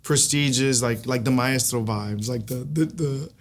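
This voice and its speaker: A man's voice: mid-range voice, unhurried. A man guest on an interview show, talking loosely and chattily with lots of restarts. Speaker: guest singer. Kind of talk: casual interview chat.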